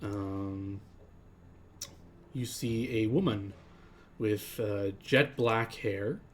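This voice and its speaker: A man's voice: on the low side, drawn-out words. A man narrating as game master of a tabletop game, rambling and full of ums and likes.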